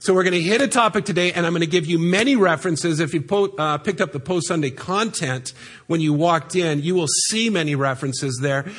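Male pastor, high voice, earnest sermon delivery from the church stage. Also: brisk, fairly bright tone. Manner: earnest preaching, reading scripture aloud and explaining it. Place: church sanctuary.

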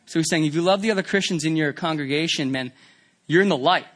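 Speaking fast in a fairly high voice, a pastor preaches a sermon with animation and a conversational style, asking the congregation rhetorical questions.

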